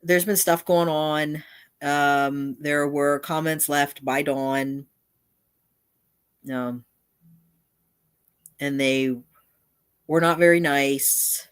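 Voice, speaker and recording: A woman's voice: low voice, steady tone, drawn-out words, long pauses, smooth. A woman hosting a casual live stream, chatting in a meandering way and often breaking off to circle back mid-thought. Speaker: channel host.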